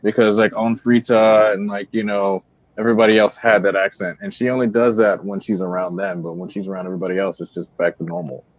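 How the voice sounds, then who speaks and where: A low-voiced man chats hesitantly on a panel and fills his talk with "like, you know". His sound comes through dull and lo-fi. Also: flat delivery, fast talker. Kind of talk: casual panel chat. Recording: dull lo-fi audio.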